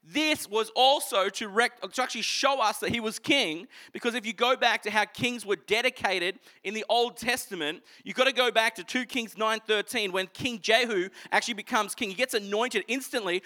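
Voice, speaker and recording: With a very high-pitched voice, a man preaches a sermon, earnestly explaining scripture and alternating between energetic passages and hushed ones.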